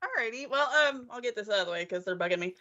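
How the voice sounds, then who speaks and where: A woman co-hosting a casual podcast, easygoing and quick to laugh. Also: medium pitch, lively intonation, pushed and bright. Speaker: podcast co-host. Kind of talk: casual live podcast chat. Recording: muffled lo-fi call audio.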